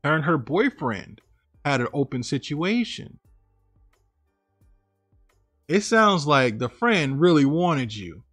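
A man's voice: fairly high pitch, very animated, slow, long pauses, fairly bright tone, slightly rough, no room sound. Man reading stories over faint music. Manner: casual, emphatic, reacts with disbelief. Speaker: story channel host. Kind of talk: reading a listener story aloud, then commenting. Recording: dry close mic with faint background music.

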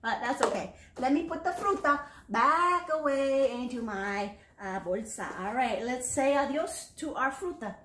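Preschool teacher, female, high and animated, unhurried and coaxing, recorded in a roomy space. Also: slight background noise. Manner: animated, exaggerated teacherly encouragement. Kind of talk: sing-song lesson for young children.

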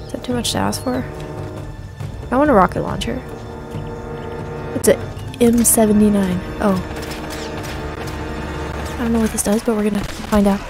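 A woman streamer giving casual commentary on her game, excitable and jumpy, often joking at herself. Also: medium pitch. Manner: excitable, jumpy and self-mocking while playing. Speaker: gaming streamer. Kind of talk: casual let's play commentary.

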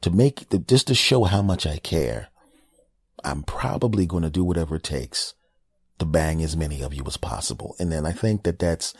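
Deep-voiced brash comedic podcast host man. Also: normal speed, darkish tone, husky, no room sound. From United States. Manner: brash, joking, profane. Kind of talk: casual comedic monologue.

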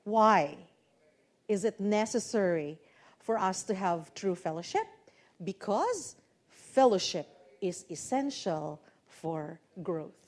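A woman pastor with a Filipino Cebuano accent, preaching a sermon that switches between English and Cebuano. She swells into loud, emphatic lines and then drops back quietly. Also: medium pitch, big pitch swings, takes it slowly.

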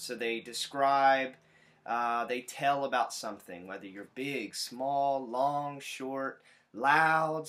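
A male teacher reading a picture book aloud to children, animated, explaining and pointing out the pictures. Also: mid-range voice.

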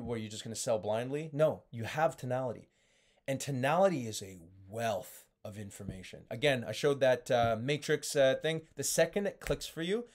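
A young man giving a casual sales training talk, animated and full of fillers as he demonstrates high and low tones. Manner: frequent fillers and restarts.

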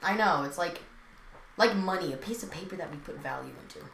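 A woman's voice: lowish voice, expressive, brisk, vocal fry, a bit bright. A teenage girl co-hosting a podcast who rambles through school stories in a casual chat, with many fillers and silly asides. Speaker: podcast co-host. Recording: echoey room with faint noise.

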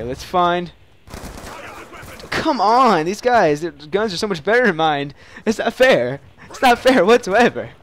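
A young man casually commenting while playing a shooter game, excitable and prone to loud yelps and mock-dramatic taunts. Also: on the high side, a little hiss or hum. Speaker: gaming channel host. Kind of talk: live gameplay commentary.

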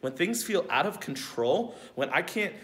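Speaking slightly slowly and slightly high, a young camp youth speaker leads children through a casual devotional. His tone is relaxed and conversational, and he keeps asking rhetorical questions and checking that his audience is with him.

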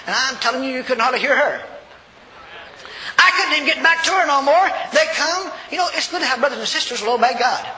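An older man preaching a sermon, telling a story in a folksy, animated way and acting out the voices. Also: extremely high pitch, quick pace. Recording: reverberant hall, faint noise.

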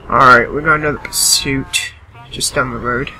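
A man's voice: medium pitch, steady tone, normal speed, bright, forceful tone, slight background noise. A tired, yawning man giving casual gameplay commentary and chattily bossing game characters around.

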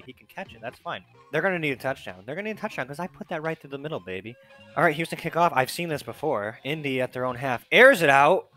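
A man's voice: mid-range voice, a bit bright. A young man giving casual, sarcastic play-by-play commentary on his football video game, swearing often. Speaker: gaming video host.

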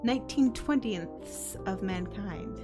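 A woman voicing a measured, formal elderly male philosopher from a game. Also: mid-range voice, close to an everyday voice. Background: game soundtrack music.

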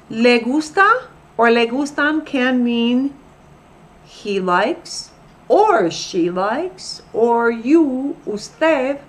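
A woman teaching a recorded grammar lesson as a Spanish teacher, patiently repeating example phrases. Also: sits high.

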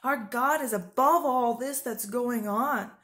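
A woman's voice: fairly high pitch, slow, fairly bright tone. A woman preaching informally to her viewers, earnest and urgent, rambling with fillers and restarts. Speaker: Christian video preacher.

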